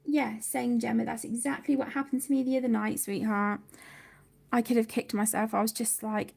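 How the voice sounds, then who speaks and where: Woman host, thirties, high gravelly voice, chatty livestream talk reading out comments. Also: normal speed, darkish tone. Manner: chatty, reads viewer comments aloud. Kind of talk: casual livestream chat.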